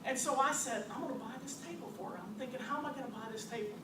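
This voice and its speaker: A woman who owns a store, telling animated customer stories to an audience with frequent laughter. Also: a little high, rapid-fire. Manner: animated, laughs often, acts out customers' quotes. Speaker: store owner presenting to a business audience. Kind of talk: storytelling presentation. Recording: distant, echoey, noisy room recording.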